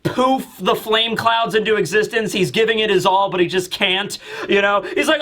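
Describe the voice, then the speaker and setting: A man hosting a casual manga chapter review, excitable and acting out scenes in voices. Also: high voice, moderate pace, hardly any pauses. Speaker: host.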